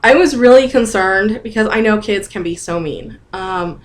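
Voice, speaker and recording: A woman in her thirties talks straight into her camera in a relaxed vlog. She is candid and chatty, with an open, emotional way of speaking. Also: mid-range voice, moderate pace. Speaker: vlogger. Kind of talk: casual vlog update.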